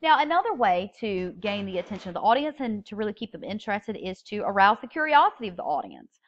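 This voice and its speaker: A woman's voice: mid-range voice, big pitch swings, quick pace, lo-fi sound. A woman teaching a public speaking class, explaining step by step and stressing key words when she reads example openings. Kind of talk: recorded lecture.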